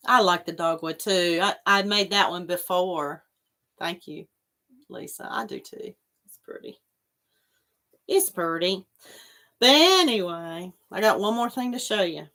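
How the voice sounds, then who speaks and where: A woman's voice: on the low side, lively intonation, measured pace, pauses often, bright, forceful tone. Chatty lady on a livestream, rambling along, talking back to viewer comments. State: coughing after choking on water. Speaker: livestream host. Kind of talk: casual chat with live viewers.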